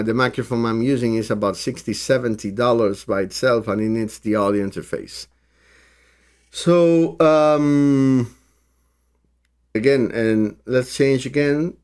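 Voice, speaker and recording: A man reviewing tech gear in a hands-on demo, speaking English as a second language and thinking aloud with frequent restarts and fillers. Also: medium pitch.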